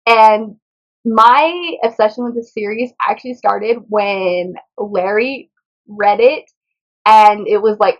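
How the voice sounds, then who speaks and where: Chatty bubbly woman, slightly muffled. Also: fairly high pitch. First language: Spanish. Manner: bubbly, chatty, says "y'all" and "like" a lot. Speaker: booktube host. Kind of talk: casual book haul chat.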